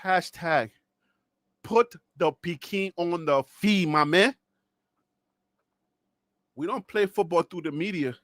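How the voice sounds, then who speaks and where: A man from Liberia ranting on a live sports stream, animated and mocking, dropping to low asides and rising to shouts while losing his voice. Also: slow pace, long pauses, no room sound, studio quality. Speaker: sports commentator.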